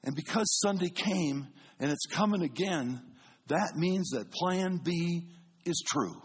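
A man preaching from the pulpit with a husky, slightly rough voice. He tells stories with animation, dropping low and soft, then climbing to booming calls. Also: takes it slowly. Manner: animated, swings between booming and hushed. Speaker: pastor. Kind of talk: sermon storytelling.

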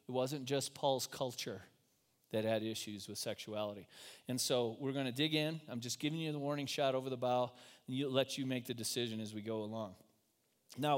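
A man preaching a sermon in a casual, joking, conversational way to his congregation in church. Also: medium pitch. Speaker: pastor.

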